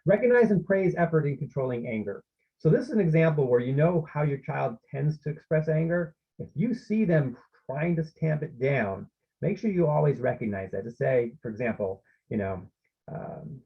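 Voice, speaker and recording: A man's voice: fairly high pitch, expressive, moderate pace, gravelly, slightly rough, highs cut off. A man presenting an online parenting workshop, explaining steps and often checking in with his listeners.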